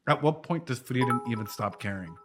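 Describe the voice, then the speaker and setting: A man in his thirties, a reaction streamer and martial arts coach, chats casually while reacting to anime, with music playing behind him. His medium-pitched voice is lively and fairly quick as he rambles through a long story peppered with "dude," "right?" and the odd swear word.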